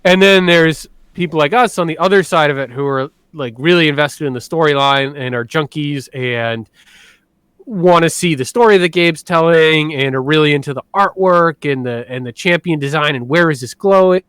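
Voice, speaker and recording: A man in his thirties, co-hosting a casual podcast, telling stories in an animated way and laughing often. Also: fairly high pitch, moderate pace, clear, resonant tone, no echo. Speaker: podcast co-host.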